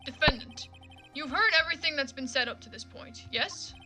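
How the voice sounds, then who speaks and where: A woman's voice: high voice, lively intonation, normal speed, bright, forceful tone, soft background music, full character voice. A woman voicing a stern old male judge in a fan game dub, formal and commanding.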